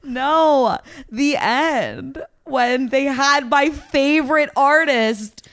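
A woman co-hosting a casual chat podcast, talking fast and giggly with lots of fillers as she recaps a dating show. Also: high-pitched, fairly bright tone, dry recording, clean studio sound. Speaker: podcast co-host.

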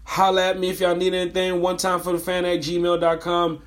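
A man hosting a sports fan podcast, his voice hoarse from screaming, talking in energetic, repetitive hype. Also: high voice, a little fast. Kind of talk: casual sports fan monologue.

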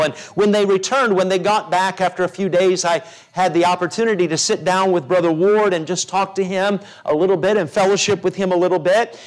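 A middle-aged man, a pastor, preaching a sermon, building repeated phrases up and dropping softly into stories. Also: on the high side. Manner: preaching with rising repeated phrases and soft storytelling drops.

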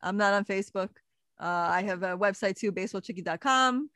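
A woman co-hosts a casual podcast. She speaks in a playful, teasing way, often laughing, with her voice at a middle pitch. The sound is dry and close. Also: brisk, a bit bright, no room sound. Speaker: podcast co-host.

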